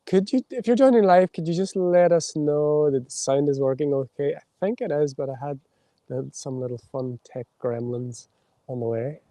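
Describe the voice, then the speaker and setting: Very dark-voiced man chanting and channeling. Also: fairly high pitch, no room sound. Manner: chants flowing invented-sounding syllables, then reads slowly and softly. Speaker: spiritual livestream host. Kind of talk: meditative channeled reading on a livestream. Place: outdoors in a windy spot. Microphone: mic held close to the mouth.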